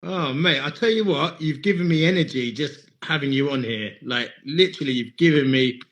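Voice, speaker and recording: Man, host, bit high voice, excited, repeats himself, live call-in. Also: moderate pace. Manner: enthusiastic, repeats praise. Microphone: phone or video call.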